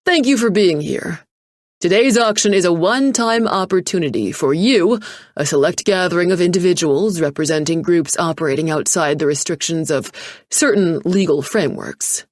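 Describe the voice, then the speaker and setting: A woman voicing an arrogant, impatient male tech mogul who talks loud and dismissive. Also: fairly low pitch, normal speed, no echo, clean studio sound, close to an everyday voice. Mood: showy.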